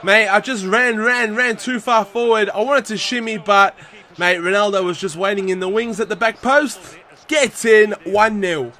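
A young man commentating his own football video game match, animated and slangy, shouting at the play. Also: high-pitched, moderate pace. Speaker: gaming YouTuber.

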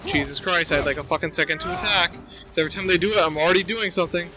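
A man's voice: on the high side, animated, very fast, rough recording. A young man giving gameplay commentary, swearing constantly and ranting at the game in exasperation. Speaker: gameplay streamer. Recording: game music behind voice.

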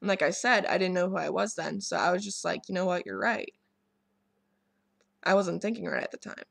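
A young woman talks straight to her camera, telling a personal story in a loose, rambling way full of ums and false starts. Her voice has a gravelly, fry-laden edge, and the room sounds dry and close. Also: lowish voice, fairly quick, fairly bright tone, no echo. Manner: rambling, many ums and restarts, candid. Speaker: vlogger.

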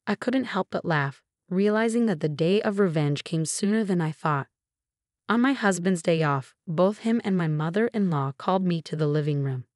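A woman in her forties tells a first-person story in an even, measured delivery. Her voice sits on the low side, and the recording is close and dry with no room sound. Her tone stays steady throughout. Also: no room sound. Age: 40s. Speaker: narrator.

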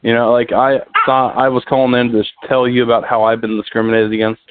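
A man's voice: mid-range voice, little pitch movement, quick pace. A man calling in to heckle the host, needling and accusing him and talking over him. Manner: needling, accusing, keeps interrupting. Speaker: prank caller. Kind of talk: call-in heckling. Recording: tinny dry phone line.

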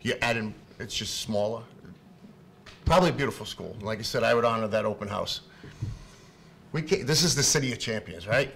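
Man, middle-aged, emotional public comment, stammering then shouting, faint room noise. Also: lowish voice, gravelly. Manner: impassioned, halting, repeats words, swings from quiet to shouting. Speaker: parent speaking at public comment. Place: public meeting hall.

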